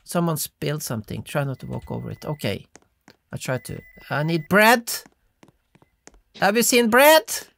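A woman giving excitable let's-play commentary, yelping and giggling as she plays. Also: deep voice, normal speed, gravelly. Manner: excitable, yelps and giggles while playing. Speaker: gamer.

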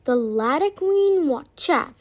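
A woman narrating a children's storybook in a slow, expressive read-aloud style. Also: sits high.

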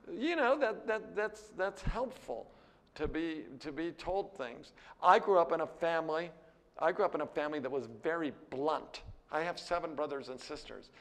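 A man's voice: vocal fry, in a large hall. American man lecturing on scripture, candid. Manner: candid, conversational, with frequent "right?" and "you know"; lively, jumps higher when animated. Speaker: seminary teacher. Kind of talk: classroom Bible lecture.

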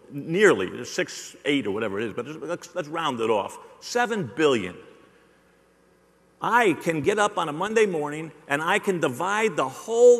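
Middle-aged man, high lively voice, joking keynote to a crowd, long hall reverb. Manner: animated, joking, rhetorical, works the audience. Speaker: sales keynote speaker. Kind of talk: live motivational keynote. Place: large hall with a live audience.

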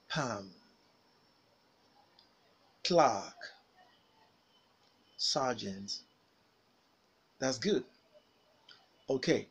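A male pronunciation teacher reads out word lists at a very slow, measured pace, pausing after each word for repetition. His voice is a little husky, and each vowel is shaped with care. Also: medium pitch, a bit bright, rough recording. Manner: slow, carefully enunciated single words with pauses for repetition. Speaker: phonics teacher. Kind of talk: pronunciation drill lesson.

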